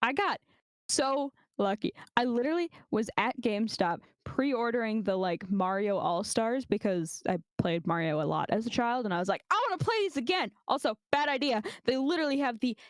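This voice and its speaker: A woman's voice: on the high side, animated, normal speed, no room sound. A young adult woman chatting as a podcast guest, blunt and profane, laughing often. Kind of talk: casual chat.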